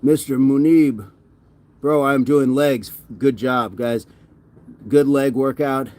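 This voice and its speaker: A man's voice: medium pitch, fairly even intonation, takes it slowly, a little mellow. A man livestreaming a workout, winded and sweaty, reading viewer comments aloud and often repeating himself in casual chat. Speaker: fitness livestreamer.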